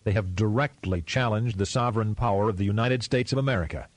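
A man reading the lines of a male president, speaking quietly in a clipped, menacing way, his anger held tightly under control. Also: lowish voice, quick pace, no room sound, close to an everyday voice. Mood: cold fury. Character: furious, grimly calm male president.

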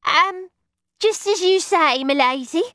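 A woman's voice: extremely high pitch, takes it slowly, pushed and bright, no room sound, clean studio sound, pitched above the performer's own voice, exaggerated voice. A woman voicing a timid, dim-witted young servant boy who hesitates and stammers.

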